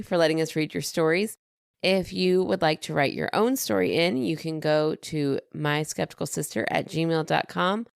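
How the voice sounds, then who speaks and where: A woman's voice: low-pitched, vocal fry, smooth, no echo, studio quality. A woman co-hosting a podcast in casual chat, running through plugs with a chatty, rambling manner. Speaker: podcast co-host.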